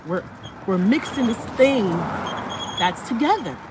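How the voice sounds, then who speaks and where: Pushing a stroller on an outdoor walk, this vlogger and artist chats and rambles about her art, laughing a lot and singing her words to her baby. She has a fairly high, animated voice and a measured pace, recorded on a phone amid outdoor noise.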